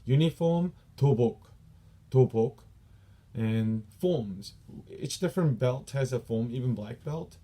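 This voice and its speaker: A Korean-accented taekwondo instructor with a medium-pitched, expressive, mellow voice teaches his students dojang terms in Korean. He explains patiently and says each term slowly, repeating it.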